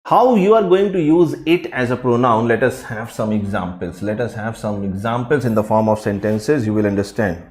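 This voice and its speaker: A male teacher, giving a live online grammar class and repeating each phrase slowly to drill it. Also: on the low side, a little mellow, roomy sound. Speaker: English teacher.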